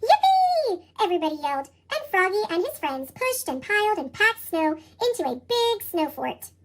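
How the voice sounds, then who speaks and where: A storybook reader tells a children's picture book with lively delivery. The voice is sped up and squeaky like a chipmunk. Its pitch sits extremely high and moves around a lot. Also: moderate pace. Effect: sped-up chipmunk pitch shift. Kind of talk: picture book read-aloud.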